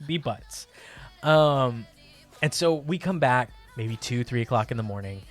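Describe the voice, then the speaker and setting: Guy streamer rambling thru a story, lots of ums and likes, middle pitch, bit of music low behind. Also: a little slow. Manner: animated, laughing storyteller with many fillers. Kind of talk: casual storytelling on a live stream.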